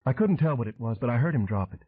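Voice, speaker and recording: A man's voice: mid-range voice, lively intonation, fast talker, voice pushed up, natural voice. A man voicing a tense young woman speaking in urgent, clipped lines in an audiobook. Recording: tinny phone-like audio.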